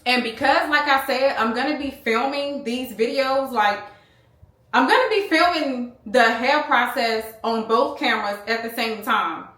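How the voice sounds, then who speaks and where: She's a US beauty vlogger in her thirties, talking loosely to viewers she calls y'all. The voice is high-pitched and a bit bright at a measured pace, and the small handheld camera in her home room picks up reverberation.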